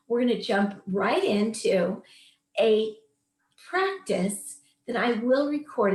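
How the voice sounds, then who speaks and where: A woman's voice: on the high side, a little mellow, roomy sound. A woman in her late fifties, a wellness coach telling a personal story in an earnest, emphatic, inspirational way before leading a meditation. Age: 50s. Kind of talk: heartfelt storytelling and coaching talk.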